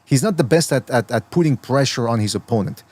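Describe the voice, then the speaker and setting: A man hosting a boxing podcast who breaks down fighters in casual chat, analytical and quick to chuckle. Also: mid-range voice, expressive, darkish tone, no echo. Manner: analytical, given to chuckles and playful mimicry.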